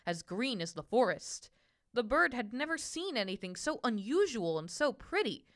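Bright, lively woman reading a picture book. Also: medium pitch. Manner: gentle, expressive storytelling. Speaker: storyteller. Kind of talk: children's picture-book read-aloud.

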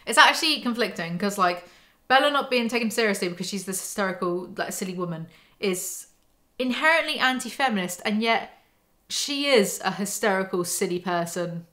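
A young woman with a mid-pitched, everyday voice hosts a book breakdown vlog. She reads passages aloud and cuts in with sarcastic, exasperated remarks. She speaks close to the mic. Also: animated, fairly quick, bright, forceful tone. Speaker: book commentary host. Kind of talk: reading from a novel with sarcastic commentary.

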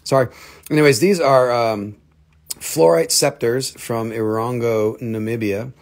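A man with a gravelly, creaky voice at a middle pitch runs a live rock sale. He rambles, teases himself and cracks jokes between prices. His talk is casual and loose. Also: fairly even intonation, unhurried. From North Carolina. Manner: joking, rambling, self-mocking. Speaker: livestream rock and mineral seller.

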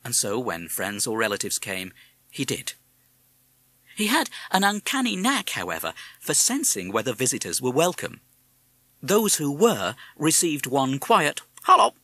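A man narrating a children's storybook in a measured, expressive way. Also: mid-range voice, dry recording. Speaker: audiobook narrator.

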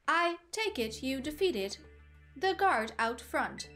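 A woman voicing a robotic synthetic female messenger while reading game dialogue aloud, speaking slowly and evenly with deliberate pauses. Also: high-pitched, animated, pushed and bright, faint music behind, full character voice. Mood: measured.

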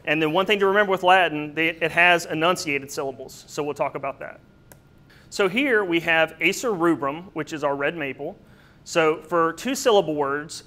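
Speaking in a slightly high, bright and forceful voice, a man gives a botany lecture built around slides on plant names. His explanations are patient, sprinkled with the odd filler and small asides.

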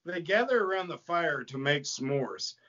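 Man, animated narration, slow-paced, husky voice, lo-fi podcast audio. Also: fairly high pitch. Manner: animated storytelling, breaks into laughter. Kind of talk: comedic script narration.

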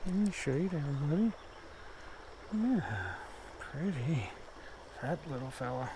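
A man vlogging while fishing a creek, talking softly and fondly to each fish he lands. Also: a little high, expressive, a little slow, background noise. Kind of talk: casual outdoor fishing vlog. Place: outdoors at a shallow creek.

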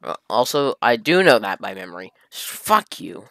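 A man's voice: fairly low pitch, very animated, brisk, a bit bright, dry recording. A man reading a fan fiction aloud for comedy, breaking in with exasperated, sarcastic commentary and swearing.

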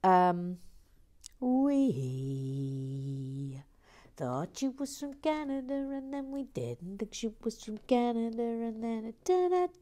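A woman's voice: on the high side, very animated, takes it slowly, warm tone. A woman hosting a LEGO building livestream, chatting playfully, reading out viewer comments and scatting little nonsense tunes as she builds.

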